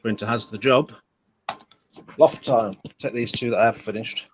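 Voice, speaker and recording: A man's voice: medium pitch, normal speed, very noisy. A man chatting casually on a live stream, with offhand mumbled asides.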